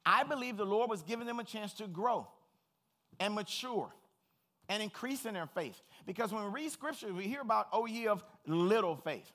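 Bright, high-voiced preacher man. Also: animated, moderate pace. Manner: earnest, personal, plain-spoken preaching. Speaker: pastor. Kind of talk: sermon.

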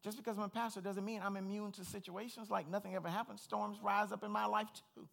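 A man's voice: high voice, little pitch movement, quick pace, creaky, a bit bright. A middle-aged man preaching a sermon as pastor, earnest, personal and plain-spoken.

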